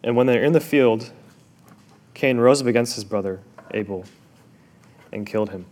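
A male pastor preaching a sermon, expressive, dropping to a hush and rising again, asking the listeners questions directly. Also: medium pitch, moderate pace. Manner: expressive, swings from loud to hushed.

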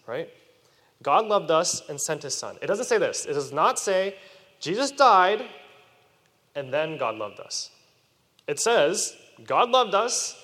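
Lively man preaching in a hall. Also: a little high. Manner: animated, questions the audience. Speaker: youth preacher. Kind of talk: sermon to children. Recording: long reverb of a hall.

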